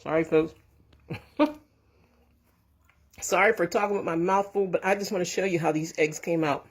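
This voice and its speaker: Holding her phone camera herself, a woman who runs a home cooking and canning channel explains a recipe in a relaxed how-to vlog. She talks at normal speed in a lowish, steady voice, wandering, restarting and correcting herself as she goes. Warmly, she offers blessings to her viewers.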